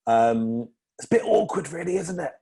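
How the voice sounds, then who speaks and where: A man's voice: a little high, big pitch swings, moderate pace, warm tone, husky. A British man, a comedian, chatting on a podcast by video call, rambling with many fillers and laughing often. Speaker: comedian guest. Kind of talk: casual podcast interview.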